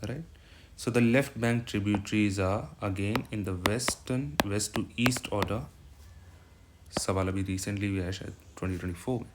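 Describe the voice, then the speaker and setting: A man with an Indian English accent giving an exam-prep geography lecture, switching between English and Hindi and checking in with a frequent "right?". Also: lowish voice. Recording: loud background noise with clicks.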